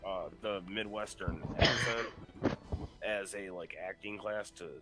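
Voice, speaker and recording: A man's voice: lowish voice, unhurried, loud music behind the voice. A man co-hosting a casual podcast chat, crude and joking, swearing a lot. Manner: crude, profane, animated joking. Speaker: podcast co-host.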